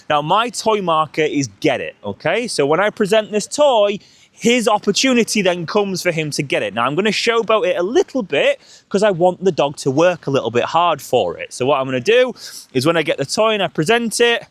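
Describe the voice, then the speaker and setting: A high, animated male voice walks viewers through a tug game with his dog, breaking off for crisp cues. The sound is close and dry. His talk is energetic and instructive throughout. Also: no room sound. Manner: energetic, coaching, calls sharp cues to the dog. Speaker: dog trainer. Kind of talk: demonstrating and explaining a dog training game.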